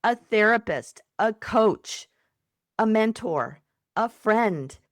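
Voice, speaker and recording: A woman psychotherapist and coach speaking as a podcast guest, giving gentle advice and acting out kind, soothing self-talk. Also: medium pitch, expressive, slow pace, no room sound, clean studio sound. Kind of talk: warm conversational advice.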